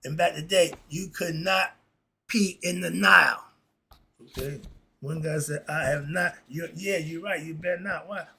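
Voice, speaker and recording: Host, male, gravelly voice, slangy laid-back chuckling reader, faint hiss behind. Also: on the high side, moderate pace, pushed and bright. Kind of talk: casual commentary reading principles aloud.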